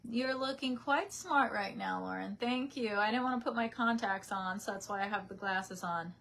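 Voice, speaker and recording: A woman's voice: mid-range voice, moderate pace, vocal fry, fairly bright tone. A young woman chatting casually on a live stream from her parents' house, reading out viewer comments on a webcam mic.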